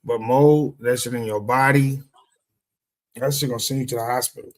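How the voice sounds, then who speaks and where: A man's voice: medium pitch, steady tone, moderate pace, poor audio. A man chatting casually on a podcast in a laid-back way, swearing freely. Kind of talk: casual chat.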